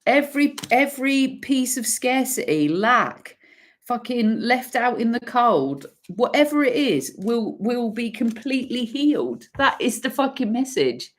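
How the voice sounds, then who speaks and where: A woman giving an intuitive tarot energy reading, emphatic and swearing freely, pausing and restarting as she pulls cards. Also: on the high side, very animated. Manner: pauses and restarts while pulling cards. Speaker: tarot reader.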